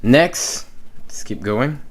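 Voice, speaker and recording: Male teacher, very slow and patient delivery, repeats sounds for students to copy. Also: mid-range voice, animated, breathy edge. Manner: repeats each letter sound slowly, checks in with "okay?". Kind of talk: slow classroom explanation.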